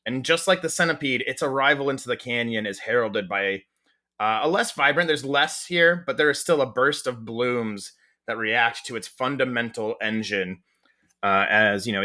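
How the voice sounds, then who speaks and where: A man's voice: medium pitch, sharp tone. A man acting as game master, describing the scene at length with lots of restarts and fillers. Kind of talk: narrating a tabletop game.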